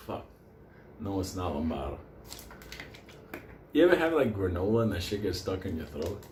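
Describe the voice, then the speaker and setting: A man spins a rambling, profanity-laced story, laughing as he goes. His voice sits on the low side, and the echoey room around him carries a faint hum of ambience. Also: sing-song, measured pace, long pauses, pushed and bright. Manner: digressive, swears constantly, laughs through his story. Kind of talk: casual profane anecdote.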